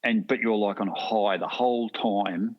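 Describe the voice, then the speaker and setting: A middle-aged Australian man spins long stories as a podcast guest, piling up restarts and asides as he goes. His voice sits fairly low, and the recording sounds dull and lo-fi. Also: moderate pace. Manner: rambling, animated anecdotes with frequent restarts. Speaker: guest hunter. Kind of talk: casual storytelling.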